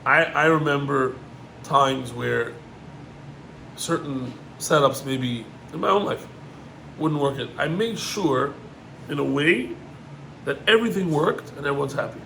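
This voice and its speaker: A middle-aged man, a rabbi, gives an animated Torah lesson, climbing in pitch on emphatic points and mixing in Hebrew terms. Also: unhurried, vocal fry, long pauses, slight background noise, rough recording.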